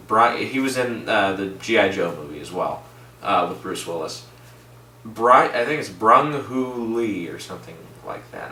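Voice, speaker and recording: Man, casual film review, rambling and opinionated, lowish voice, bright tone. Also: a little hiss or hum. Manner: rambling, opinionated, chuckles at himself. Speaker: movie reviewer. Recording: echoey room, mic at a distance.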